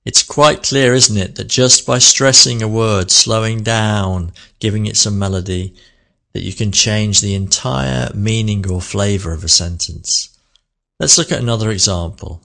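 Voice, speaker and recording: A man with a British accent teaching English pronunciation in a clear, deliberate voice with exaggerated stress. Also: fairly low pitch, fairly even intonation, a bit bright. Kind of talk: pronunciation lesson.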